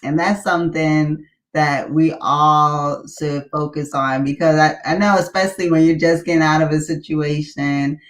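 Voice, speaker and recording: A woman hosting a casual live-stream chat, chatty and quick to laugh. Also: deep voice, steady tone. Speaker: host.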